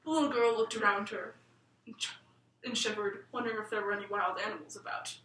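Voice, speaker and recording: A woman telling a bedtime story in a lilting, expressive manner. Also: medium pitch, brisk, recorded from a distance, a little hiss or hum. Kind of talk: storybook narration. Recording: roomy room, voice set back from the mic.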